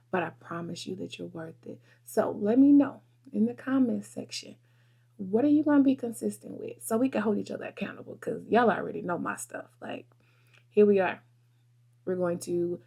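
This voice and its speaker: A woman talks heart-to-heart with her viewers from her desk, earnest and encouraging. Her voice sits a little low with a husky edge. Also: a little mellow. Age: 30s. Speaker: vlogger and photographer. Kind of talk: casual desk chat to camera.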